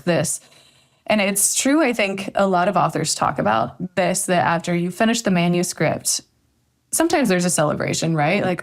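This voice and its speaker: A woman's voice: on the low side, vocal fry. A woman author, a guest on a podcast, telling a story in a reflective way and often hedging with "I think". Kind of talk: podcast interview conversation.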